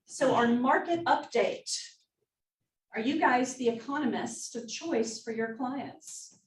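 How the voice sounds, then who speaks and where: A woman's voice: sits high, slow. Upbeat woman presenting in an echoey room. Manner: upbeat, joking asides. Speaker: meeting presenter. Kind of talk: office team meeting presentation. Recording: roomy, distant mic, faint noise.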